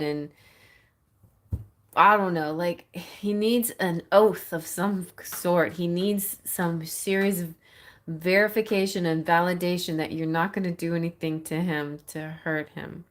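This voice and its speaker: A woman's voice: on the low side, a little slow. A woman giving tarot readings on a live stream, reading messages aloud in a playful, giggly way. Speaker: tarot reader.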